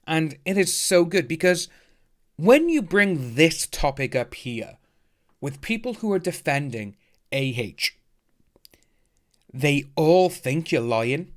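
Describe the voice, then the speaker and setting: A chatty man runs a casual livestream, upbeat and loose as he reads out viewer comments. His voice sits a little higher than most men's. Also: sing-song, a little slow. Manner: chatty, upbeat, thanks donors by name. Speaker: livestream host reading chat. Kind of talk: casual live stream chat.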